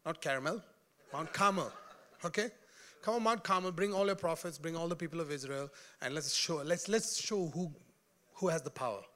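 Lively, bright-voiced male preacher. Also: a little high, brisk. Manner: animated, joking, laughs at his own jokes, calls on the congregation. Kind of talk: sermon.

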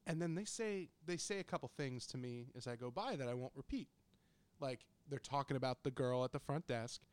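A little fast and clean in tone, a young man's medium-pitched voice carries a profanity-heavy podcast story told in blunt, casual chat. He speaks right into a close studio microphone.

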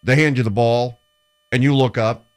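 Brisk male radio host. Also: medium pitch, steady tone. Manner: brisk, introduces callers and asks questions. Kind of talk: sports radio hosting.

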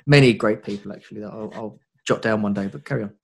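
A man's voice: on the low side, fast talker, gravelly, husky. Man with a wry, chatty tone. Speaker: podcast co-host. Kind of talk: casual chat over a video call.

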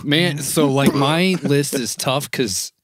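A man co-hosting a podcast in casual chat, telling stories loudly with playful impressions. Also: medium pitch, slow, background noise. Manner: animated, loud storytelling with playful impressions. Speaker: podcast co-host.

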